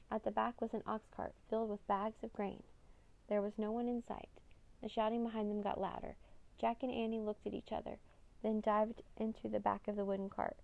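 A woman narrating an audiobook in a calm, steady storytelling manner. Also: fairly high pitch, vocal fry, narrow, tinny audio.

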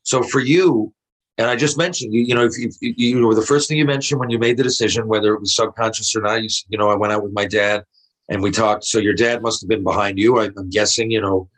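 A man hosting a casual interview, talking haltingly and often restarting his sentences. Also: lowish voice, fairly even intonation, a bit bright, poor audio. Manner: halting, repeats words and restarts.

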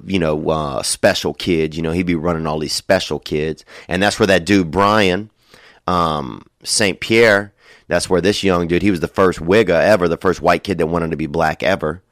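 A man's voice: low-pitched, fairly bright tone, no echo, clean studio sound. A young man telling rambling, profane comic stories, loose and digressive, full of "dude" and "you know". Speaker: comedian. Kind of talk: rambling stand-up style monologue.

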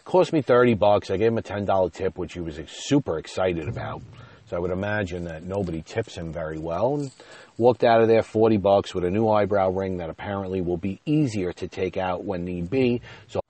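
A man hosting his own podcast, telling a rambling, self-deprecating story full of "you know," his voice jumping up and getting loud when he retells an argument. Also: sits low, a little fast. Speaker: podcast host. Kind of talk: casual storytelling monologue. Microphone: podcast mic.

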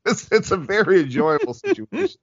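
A man's voice: sits high, wildly swooping pitch, a little fast, slightly rough, no echo. A man hosting a football podcast, chatting casually with many restarts and reading sponsor plugs. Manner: rambling, restarting, laughing often. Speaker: podcast host. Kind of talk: casual football chat and ad reads. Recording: dull lo-fi podcast audio.

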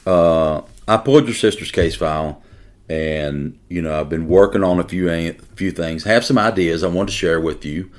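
This deep-voiced middle-aged man is a police detective sharing a personal story in an interview. His delivery is earnest and emotional, with frequent halting restarts.

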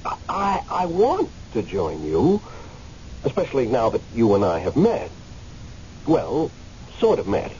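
This radio drama actor voices a newly dead man stuck in limbo who pleads angrily, sometimes stammering and hesitant, sometimes impassioned, with an earnest, agitated mood. His mid-range, warm voice swings hugely in pitch, moving a little slowly with long pauses. The recording is muffled with faint hiss.

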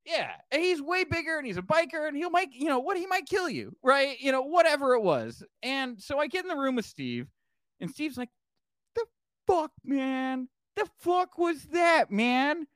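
A man's voice: wildly swooping pitch, normal speed, a bit bright, no room sound, clean studio sound. A young man, a podcast guest, telling a story with lots of cursing and acted-out quotes. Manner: swings pitch widely acting out quotes, curses freely. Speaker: podcast guest, former wrestling manager. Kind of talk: animated storytelling.

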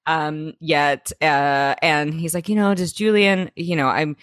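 A woman's voice: low voice, steady tone, unhurried, dry recording, clean studio sound. A young woman co-hosting a podcast, giggly and profane as she recaps a TV episode in casual chat. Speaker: podcast co-host.

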